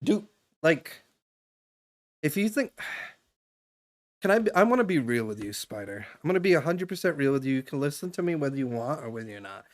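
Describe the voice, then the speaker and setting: With a slightly high, sing-song voice at normal speed and long pauses, a young man streams live. He casually advises a stranger in loose, lengthy talk full of fillers and restarts.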